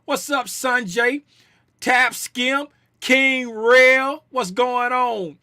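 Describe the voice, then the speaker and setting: A man runs a casual livestream, joking and calling out viewers in the chat by name. His voice sits high and sounds very bright and forceful. The sound is dry, with no room echo. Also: steady tone, drawn-out words. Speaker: livestream host and trading educator.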